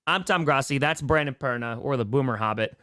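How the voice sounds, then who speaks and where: A man's voice: mid-range voice, fairly quick, pushed and bright, clear, resonant tone. An upbeat man co-hosting a casual sports podcast, bantering and joking. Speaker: podcast co-host.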